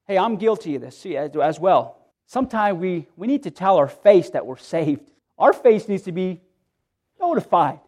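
A man's voice: high voice, lively intonation, normal speed, darkish tone. A middle-aged man, a pastor, preaching an earnest sermon in church, repeating himself and restarting phrases as he pleads with his listeners.

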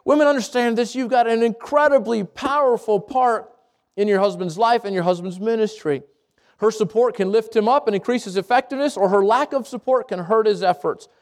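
A man preaching a sermon to a congregation, lively and conversational, with jokes, asides and quick self-corrections. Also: very high voice. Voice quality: speaks around braces. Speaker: pastor.

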